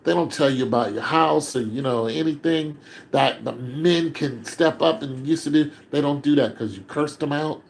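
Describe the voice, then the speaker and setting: An older man delivers a heated monologue in a slightly high voice. He climbs toward shouting when he is upset and falls quiet and tired when he gives up. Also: moderate pace, vocal fry, rough recording. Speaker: commentator. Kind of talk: emotional monologue.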